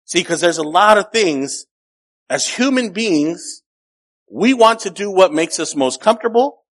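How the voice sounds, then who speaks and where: Male pastor, sermon, chatty storytelling, slightly high voice. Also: expressive, measured pace. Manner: conversational storytelling, builds up and drops to quiet.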